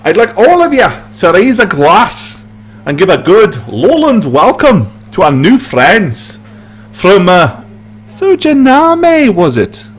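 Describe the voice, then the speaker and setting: Man doing a hearty older Scottish clansman, Scottish accent, lively high-pitched brogue, booming toasts. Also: a little slow, husky, heavily acted. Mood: boisterous. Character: proud jovial older male Scottish clansman.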